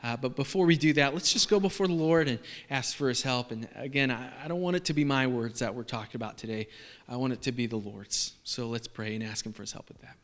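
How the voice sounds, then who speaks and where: A man's voice: medium pitch, quick pace, a bit bright. A man preaching a sermon to a congregation in a casual, joking way with lots of fillers. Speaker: pastor. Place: church hall. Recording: long reverb of a large hall.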